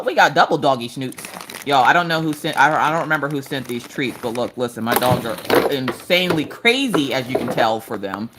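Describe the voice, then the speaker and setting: A woman in her thirties hosting a craft livestream, telling animated family stories in casual chat. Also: a little fast, a little hiss or hum. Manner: animated storytelling, jumps to high squeals in quoted voices.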